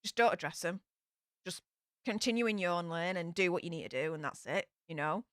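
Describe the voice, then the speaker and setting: With a broad Yorkshire accent, a young woman from Yorkshire, England, streams live on YouTube, talking frankly to her audience with plenty of fillers and sighs. Her voice is on the low side, animated and fairly quick, recorded at studio quality with no echo.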